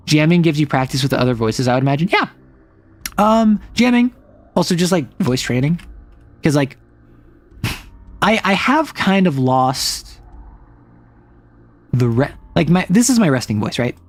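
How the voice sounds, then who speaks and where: A young adult non-binary streamer chatting casually and rambling, often sliding between higher and lower voice registers. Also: lively intonation, moderate pace, pauses often, faint music behind. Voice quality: some gravel in the voice. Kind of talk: casual live-stream chat.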